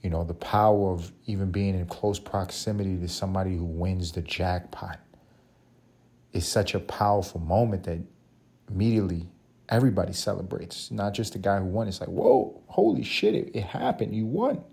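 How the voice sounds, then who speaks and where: A man with a low voice hosts a solo podcast, talking casually. His tone is dark and mellow. He rambles through stories with plenty of swearing and jokes. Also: steady tone, fairly quick, slightly rough. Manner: rambling, profane, jokey storytelling. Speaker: podcast host.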